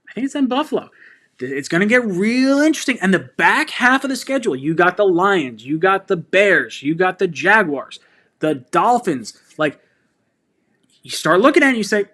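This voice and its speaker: A man's voice: high voice, moderate pace. Fired-up man hosting a fan stream. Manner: excitable and fired up, laughing and shouting. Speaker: sports fan channel host. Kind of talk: live-stream chat reading viewer comments.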